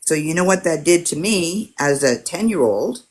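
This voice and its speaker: A woman's voice: fairly low pitch, lively intonation, moderate pace, husky. A woman in her sixties from Alberta, Canada, telling a personal story in casual podcast chat, reflective and full of "you know" fillers. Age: 60s.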